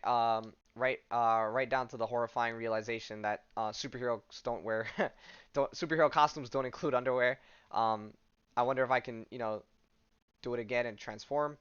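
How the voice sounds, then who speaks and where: A man's voice: mid-range voice, fairly even intonation, moderate pace, a bit bright, smooth, lo-fi sound. Rambling man recapping comics. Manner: rambling, filler-heavy retelling with offhand asides. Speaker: podcast host.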